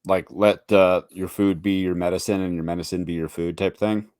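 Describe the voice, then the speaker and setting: A man's voice: deep voice, flat delivery, fairly quick, a little mellow, smooth, no room sound, clean studio sound. A man hosting an interview, mostly asking questions and adding brief interjections. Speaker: podcast host.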